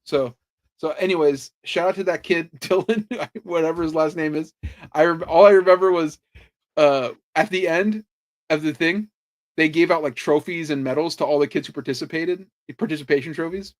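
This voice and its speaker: Dude rambling on a podcast, says like constantly, swears, a bit high pitched. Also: male voice, normal speed. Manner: animated storytelling, swears freely, lots of "like" fillers. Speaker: podcast host. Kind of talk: casual chat.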